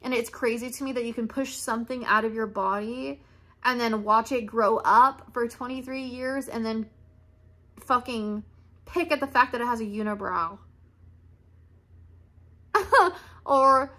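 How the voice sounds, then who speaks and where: A woman's voice: fairly high pitch, a little slow, long pauses, sharp tone. A young woman venting in a candid, emotional monologue, blunt and swearing freely. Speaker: podcast host.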